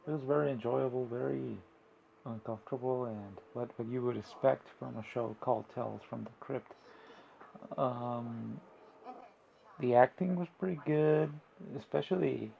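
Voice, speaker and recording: A man's voice: medium pitch, vocal fry, narrow, tinny audio, slight background noise. A man casually recapping and reviewing a TV episode, rambling and sarcastic with plenty of slang and fillers. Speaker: video host recapping a TV episode.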